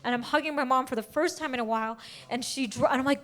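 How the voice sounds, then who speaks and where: A woman's voice: high-pitched, fast talker, a bit bright. A young adult woman doing a stand-up comedy set, brash and profane, acting out the people in her stories. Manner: brash, profane, acts out quoted voices. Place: comedy stage before a live audience.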